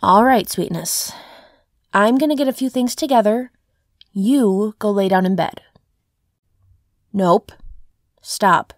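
A soft-spoken, tender girlfriend, played by a young woman in an audio role-play, easing her partner along in a slow, unhurried way. The sound is close and dry, with no room around it. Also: mid-range voice, no echo, natural voice. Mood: gently firm.

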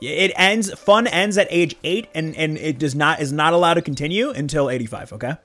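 A young man chatting casually on a game livestream, animated and rambling, with laughing asides to his chat. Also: fairly high pitch, a little fast, faint music behind. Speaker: streamer.

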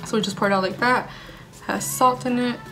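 With background music playing, a young woman eats at home on a casual vlog, bubbly and gushing, mixing in Spanish words. Her voice sits on the high side with a steady tone, at a normal speed.

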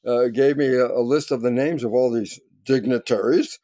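An older man, a scientist, telling a story in conversation with lively energy, acting out quoted voices and rising to near shouts. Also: mid-range voice, moderate pace. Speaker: guest scientist.

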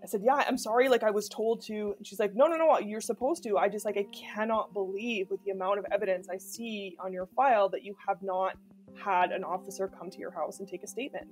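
A woman's voice: mid-range voice, fairly even intonation, fairly quick, faint music behind. A woman from Canada, talking candidly in a documentary interview in a chatty way, full of fillers. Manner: candid, chatty, many fillers like "like" and "you know". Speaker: interviewee telling of being stalked.

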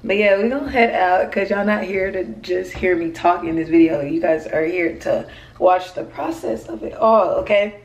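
A woman's voice: fairly low pitch, normal speed, far from the mic, slight background noise. A young adult woman vlogging at home, rambling in casual, slangy chat straight to her viewers. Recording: roomy echo in a home room.

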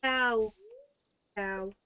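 A woman's voice: a little high, steady tone, extremely slow, sharp tone, smooth. Giggly, foul-mouthed young woman streamer. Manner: giggly, swears freely, chatters to herself while playing. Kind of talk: casual live game stream.

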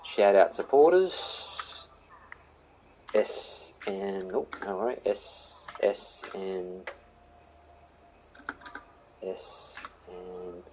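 A man's voice: sits low, lively intonation, extremely slow, long pauses, noisy background. A young Australian man chatting casually with viewers on a live game stream, greeting them by name and calling them mate and buddy.

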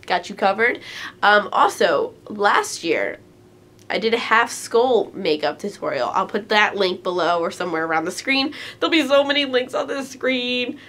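A woman's voice: medium pitch, a bit bright. Chatty young woman vlogger. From United States. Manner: chatty, giggly, full of "like" and "um". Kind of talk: casual vlog chat.

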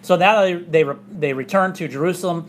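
A man's voice: fairly high pitch, brisk, a little hiss or hum. A male pastor preaching a casual, conversational sermon in a church, with many asides. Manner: conversational, chatty, with frequent fillers and asides. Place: church sanctuary.

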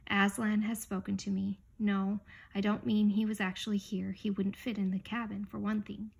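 A woman's voice: mid-range voice, level tone, normal speed, vocal fry, breathy edge. Woman reading as a proud, commanding young king. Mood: regal. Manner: commanding, sharp. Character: young male king, proud and hot-tempered.

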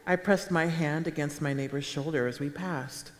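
A woman author reading her own fiction aloud at a public event, with a measured, deadpan delivery. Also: low-pitched. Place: town hall auditorium with a live audience. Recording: echoey live hall sound.

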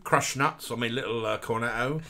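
A man's voice: mid-range voice, normal speed, pushed and bright. A man co-hosting a livestream, chiming in with camp, playful jokes during casual chat. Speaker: co-host of a livestream.

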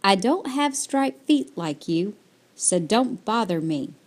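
A woman's voice: mid-range voice, very animated, takes it slowly, a little mellow. Woman doing a grumpy walrus lady. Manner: gruff, dismissive.

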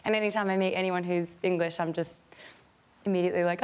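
A woman gushing in an animated way as a guest on a chat show. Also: on the low side, quick pace. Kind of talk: casual chat show anecdote.

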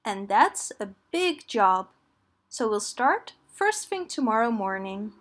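A woman's voice: fairly high pitch, sing-song, takes it slowly, exaggerated voice. Rabbit, a woman doing a bossy fussy rabbit.

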